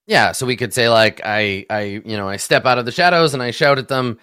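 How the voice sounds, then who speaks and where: Man, middle-pitched voice, patient step-by-step explainer, casual chat, dry close recording. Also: fairly quick, pushed and bright, clear, resonant tone, no echo. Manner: patient, walks through examples step by step. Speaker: experienced player explaining game rules.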